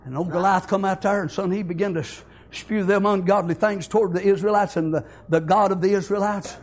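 Husky shouting preacher man. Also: high voice, steady tone, brisk. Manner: folksy Southern preacher, building to shouts. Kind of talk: fiery sermon.

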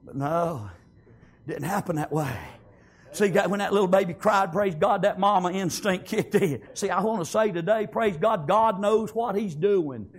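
A man's voice: high-pitched, normal speed, hardly any pauses. A man preaching a fervent sermon, peppering it with amens and praise God.

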